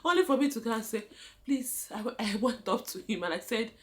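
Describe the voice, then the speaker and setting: Lively Nigerian woman telling a story. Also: on the high side, fairly quick. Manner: animated, laughing often, addresses viewers as guys. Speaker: vlogger. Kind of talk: casual storytelling.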